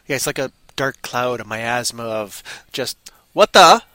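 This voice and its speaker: A man's voice: mid-range voice, steady tone, moderate pace, pushed and bright, clean tone, dry recording. A man co-hosting a casual chat, rambling and riffing playfully on jokes. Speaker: podcast co-host.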